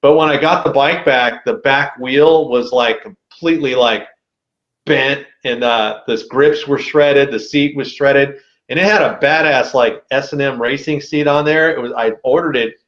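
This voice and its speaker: Animated man telling a story, roomy sound. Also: mid-range voice, measured pace, dull audio. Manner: animated, slangy, says dude a lot. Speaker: podcast guest. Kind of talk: casual storytelling.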